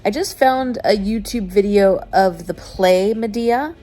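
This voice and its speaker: A woman's voice: mid-range voice, measured pace, warm tone. Chatty, tired woman vlogger. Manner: chatty, laughs often, loose retelling with restarts. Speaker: book vlogger. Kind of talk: casual vlog chat to camera.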